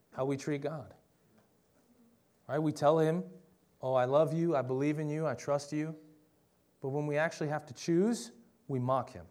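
A man's voice: fairly high pitch, a little mellow. Young man preaching an emphatic sermon. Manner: conversational and emphatic, with rhetorical questions.

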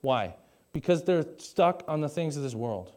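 A man's voice: fairly high pitch, expressive, normal speed, darkish tone. A young man preaching a conversational sermon to a live congregation on a stage mic, with jokey asides and questions to the audience. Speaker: pastor.

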